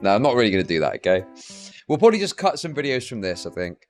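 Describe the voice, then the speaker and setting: A man's voice: fairly low pitch, very animated, rapid-fire, faint music behind. A man ranting on a live stream, scornful and heated, swearing often.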